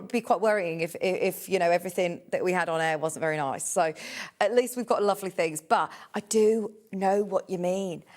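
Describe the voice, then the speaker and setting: A woman presenting a live TV shopping show, gushing and chatty with enthusiasm. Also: medium pitch.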